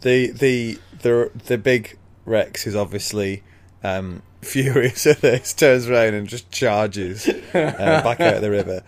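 A man co-hosting a casual chat, calmly retelling a story's events and laughing often. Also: mid-range voice, takes it slowly. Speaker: podcast co-host.

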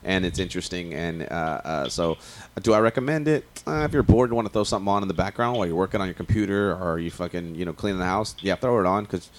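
Casual male podcast host: low, quick, rambling, swears often. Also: a little hiss or hum. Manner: rambling, profane, many restarts and fillers. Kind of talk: casual chat.

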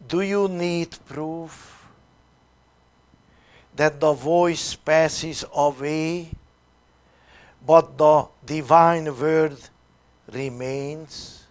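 A man, a priest leading a retreat, reading a sermon slowly and deliberately with long pauses and dramatic swings between loud and soft. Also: fairly high pitch, steady tone, clean tone.

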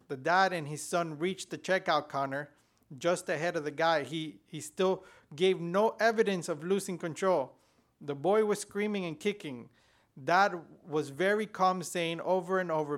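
A man's voice: a little high, steady tone, moderate pace, a bit bright. A man, a pastor, preaching a sermon on a church podcast, telling a story in a conversational way with restarts. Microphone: podcast recording.

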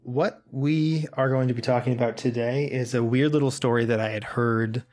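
A man's voice: mid-range voice, fairly even intonation, normal speed, a little mellow. A man co-hosting a podcast, telling a story with sarcastic asides and comic swearing. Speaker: podcast co-host. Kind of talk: casual storytelling chat.

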